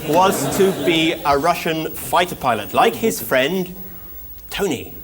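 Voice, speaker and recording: A man's voice: on the high side, a little slow. Playful male improv storyteller. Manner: deadpan, playful narration. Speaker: improv performer. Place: TV studio with audience. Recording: live studio audience, background noise.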